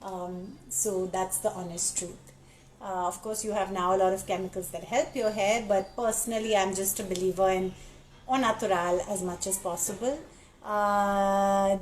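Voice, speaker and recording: A woman's voice: mid-range voice, fairly even intonation, moderate pace, poor audio. A woman hosting a casual live stream, chatting candidly and reading viewer comments aloud.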